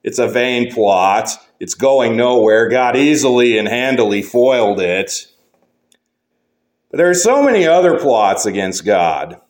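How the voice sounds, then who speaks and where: A male pastor preaching a sermon, measured, rising to emphatic points and dropping low and slow to drive conclusions home. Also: animated.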